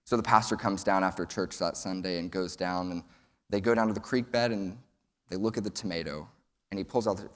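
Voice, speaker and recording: A man's voice: low voice, brisk, a bit bright. A young man from Texas, giving an earnest prepared speech at a summit and telling a folksy joke. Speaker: student speaker. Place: large event hall. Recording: long hall reverb.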